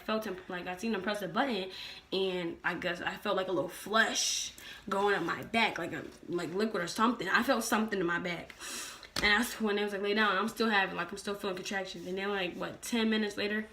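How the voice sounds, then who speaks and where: A woman's voice: medium pitch, fairly even intonation, fairly quick, bright, forceful tone. A young woman telling her own story in a casual, blunt and profane way, acting out the people in it. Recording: distant mic with faint background noise.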